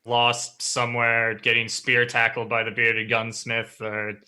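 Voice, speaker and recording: A man with a Canadian accent chats casually on a livestream, telling stories with a wry, joking edge. His voice is very bright and sharp, at a middle pitch. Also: monotone, unhurried. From Nova Scotia, Canada. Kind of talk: casual chat.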